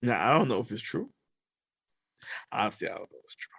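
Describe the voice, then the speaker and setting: A man co-hosting a podcast, telling a story in slangy casual chat, animated and sometimes dropping to a hush. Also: medium pitch, fast, gravelly, slightly rough, no echo, clean studio sound. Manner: animated storyteller, slangy, drops to hushed tones. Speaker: podcast co-host.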